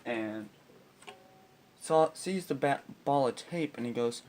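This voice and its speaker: A man's voice: mid-range voice, takes it slowly, a little mellow. A teenage boy telling a profane comic story about school, ranting with constant swearing and exasperation. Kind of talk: profane comedic storytelling with guitar.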